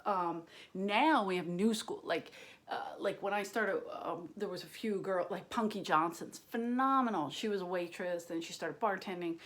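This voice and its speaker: A woman's voice: mid-range voice, moderate pace, fairly bright tone. A woman comedian chatting casually from her kitchen as she answers viewer questions, rambling and crude, with many fillers and whispered asides. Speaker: stand-up comedian. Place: home kitchen.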